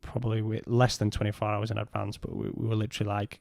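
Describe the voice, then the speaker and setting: A man, a podcast guest, telling a personal story in a halting way and retelling what was said in his own words. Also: on the low side, completely flat delivery, vocal fry, darkish tone, no room sound, studio quality.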